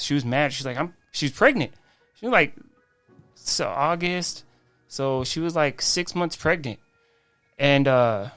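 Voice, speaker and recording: A man, a guest on a faith podcast, telling his life story in an animated way, acting out quoted dialogue. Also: medium pitch, no room sound. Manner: frequent restarts and "I'm like" quoting.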